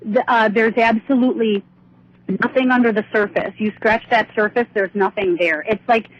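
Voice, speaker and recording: A woman's voice: a little high, fairly even intonation, normal speed, no echo. A woman calling in to a radio show, talking emphatically and repeating her points. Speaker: caller. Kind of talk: call-in conversation. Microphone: telephone. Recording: muffled phone line on radio.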